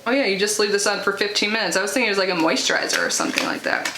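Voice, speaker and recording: A woman's voice: mid-range voice, wildly swooping pitch, very fast. Chatty woman unboxing in an echoey room. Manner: chatty, lots of "like" fillers, reads product blurbs. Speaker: unboxing vlogger. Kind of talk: casual unboxing chat. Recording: echoey room with faint noise.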